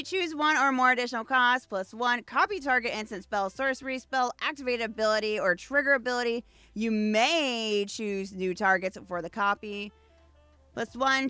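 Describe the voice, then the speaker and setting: A woman's voice: on the high side, bright, forceful tone, smooth, no echo. A woman hosting a casual unboxing video, reading card text aloud between gushing asides. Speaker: VTuber host.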